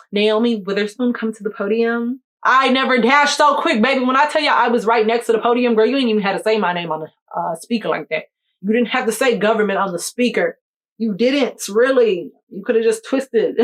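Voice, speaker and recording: A young woman with a way of speaking, chatting through a storytime for her viewers. Her pitch sits in the middle of the range, and she talks lively and direct. She keeps checking in with the listener as she goes. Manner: animated, addresses the viewer directly with "you hear me?" and "okay, okay". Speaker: vlogger telling a story. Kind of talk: casual storytime chat.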